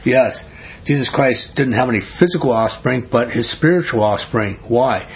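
A man's voice: mid-range voice, moderate pace, husky. A man leading an interactive Bible study, reading scripture aloud and putting questions to his group. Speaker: Bible teacher. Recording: dull lo-fi recording.

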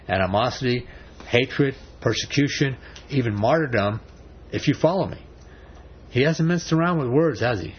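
A man's voice: medium pitch, normal speed. A man delivers a sermon in an emphatic preaching voice, driving his points home with rhetorical questions. The recording sounds dull and slightly lo-fi. A faint hiss of background noise sits underneath.

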